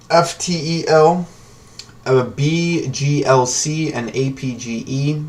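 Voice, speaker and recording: A man's voice: medium pitch, a little slow, vocal fry. A man hosting a live trading stream, talking casually and ramblingly in a slangy way. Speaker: livestream stock trading host. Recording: distant from the mic with faint noise.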